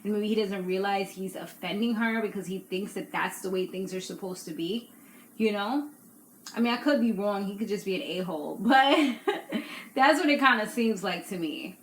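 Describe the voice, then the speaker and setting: A woman's voice: mid-range voice, fairly quick. A young woman hosting a casual reality TV recap, chatty and opinionated, laughing often. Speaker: YouTube recap host. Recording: echoey room with faint noise.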